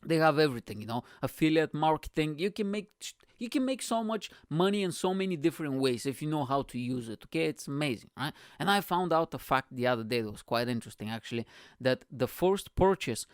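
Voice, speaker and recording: A man's voice: a little high, lively intonation, brisk, smooth, no room sound, clean studio sound. A man hosting his own podcast, ranting casually and profanely, saying bro a lot. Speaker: podcast host. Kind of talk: casual comedic rant.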